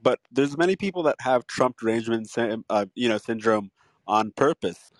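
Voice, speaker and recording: A young man co-hosting a podcast, chatting in a relaxed way and saying "like" a lot. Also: medium pitch, moderate pace, dry recording. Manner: relaxed, heavy use of "like". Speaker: podcast co-host. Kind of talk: casual chat.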